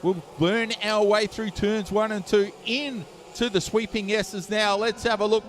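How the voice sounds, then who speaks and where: High-voiced race caller. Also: male voice, fairly bright tone, slight background noise. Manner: brisk play-by-play calling. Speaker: race commentator. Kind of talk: live motorsport commentary. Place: trackside at an outdoor dirt kart circuit.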